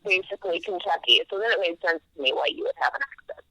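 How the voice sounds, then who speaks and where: A woman's voice: on the low side, sing-song, quick pace, bright, forceful tone, no room sound. A woman calling in to a podcast by phone, explaining things in a friendly, matter-of-fact way. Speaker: caller. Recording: phone line.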